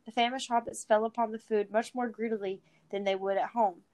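A woman casually reading a story chapter aloud, relaxed, with chatty asides and some yawning. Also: a little high, fairly quick. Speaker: reader.

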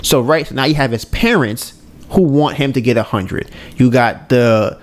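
A man chatting casually on a podcast, retelling a show scene by scene. He is an animated storyteller who slips into the characters' voices and checks in with his listeners as he goes. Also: mid-range voice, normal speed. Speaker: podcast co-host. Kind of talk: casual chat retelling an anime.

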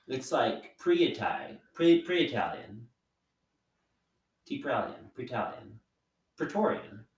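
Casting: laid-back man podcast co-host, slow talker, echoey off-mic sound. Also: medium pitch, sing-song, distant mic. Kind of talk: casual podcast chat.

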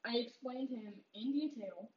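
A man's voice: extremely high pitch, a little slow. A man telling a story in casual chat, hesitant, with many fillers. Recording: dull lo-fi recording.

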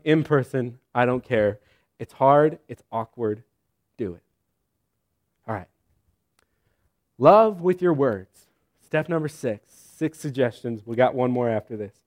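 A man preaching a sermon in a conversational style, with joking asides and lively storytelling. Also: mid-range voice. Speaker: pastor.

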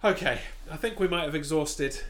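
Sardonic British podcast host. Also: male voice, fairly high pitch, moderate pace, fairly bright tone. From Britain. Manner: sardonic, dry jokes, swears casually. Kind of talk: casual chat.

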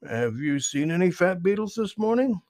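A man's voice: sits high, very animated, normal speed, a little mellow, no room sound, studio quality, pitched above the performer's own voice. A man voicing a cheerful, cheeky young male skunk in a storybook reading, with bouncy sing-song rhymes and eager polite excuses.

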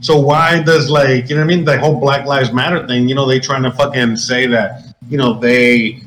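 A man's voice: medium pitch, steady tone, moderate pace, a bit bright, reverberant, slight background noise, rough recording. A man co-hosting a casual political chat, rambling and swearing, with a lot of fillers. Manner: rambling, profane, many fillers. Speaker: podcast co-host.

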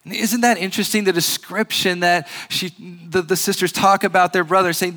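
A man's voice: high voice, fairly even intonation, pushed and bright. Earnest man preaching a sermon. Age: adult with a grandfather recently passed. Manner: earnest, measured, frequent restarts and pauses. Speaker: pastor.

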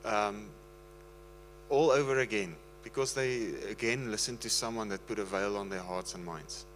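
A man's voice: on the low side, steady tone, normal speed, fairly bright tone, a little hiss or hum, poor audio. A man preaching in a casual, earnest and pleading way, often slipping into laughter. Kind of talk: casual sermon talk.

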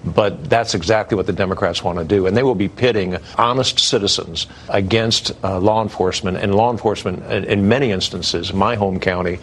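A man answers interview questions firmly, stumbling into restarts now and then. His voice sits low, with faint room ambience behind him. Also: a little fast, few pauses, a bit bright, a little hiss or hum. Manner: firm, with hesitant restarts. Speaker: interview guest. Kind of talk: broadcast interview.

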